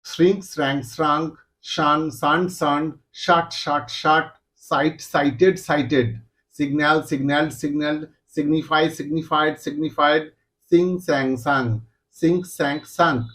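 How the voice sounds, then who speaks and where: A man with a slightly high voice reads out English verb forms as a lesson. He goes word by word at a very slow, deliberate pace, with steady pauses between each form. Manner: slow, deliberate recitation of single words. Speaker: English teacher. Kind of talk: reciting verb forms in a list.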